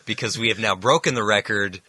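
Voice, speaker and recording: A man's voice: fairly low pitch, a little fast, bright, forceful tone, breathy edge. A man co-hosting a casual podcast, rambling and correcting himself as he goes, laughing often. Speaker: podcast co-host.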